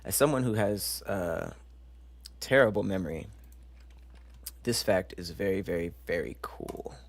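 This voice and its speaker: Animated man hosting a live stream. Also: deep voice, measured pace. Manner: animated, joking, stumbles over long words. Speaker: livestream show host. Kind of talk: casual live-stream chat, reading facts aloud.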